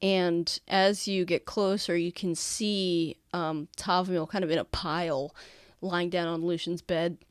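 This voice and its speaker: Woman game master, tabletop narration, fillers, lower voice, dry close sound. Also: steady tone, a little slow, hardly any pauses, clean tone, dry recording. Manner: describing scenes with many fillers.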